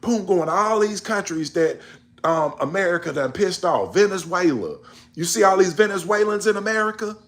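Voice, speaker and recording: A man's voice: sits high, animated, normal speed, a bit bright. A man in a casual monologue on world events, emphatic and preachy, scolding his listeners in slangy speech. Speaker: commentator.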